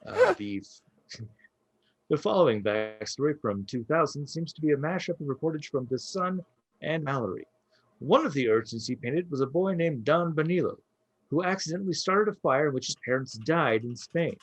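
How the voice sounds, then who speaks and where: A man's voice: a little high, lively intonation, normal speed, slightly rough, no echo, dull audio. A man hosting a comedy podcast, reading a prepared story with wry asides. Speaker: podcast host.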